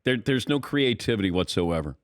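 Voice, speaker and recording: A man's voice: on the low side, animated, a little fast, smooth, no room sound, studio quality. A man hosting a sports talk show, chatting casually with his crew, upbeat and often laughing. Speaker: show host. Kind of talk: casual studio banter. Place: radio studio.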